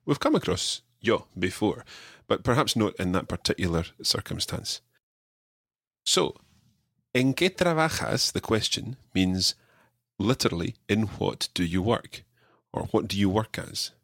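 A man teaching a podcast language lesson, drilling his learner with clear repeated phrases. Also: lowish voice, very animated, a little slow, fairly bright tone, dry recording, clean studio sound.

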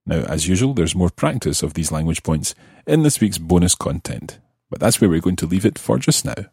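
Man podcast teacher, deep and husky, patient and methodical with his examples. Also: lively intonation, a little mellow, no room sound, studio quality. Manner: slow, careful explanations, repeating example phrases. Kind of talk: explaining Spanish grammar.

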